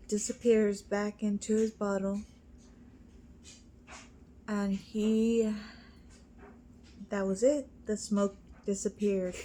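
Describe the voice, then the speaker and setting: A woman casually telling a joke she heard, halting with fillers and restarts as she goes. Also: medium pitch. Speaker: storyteller.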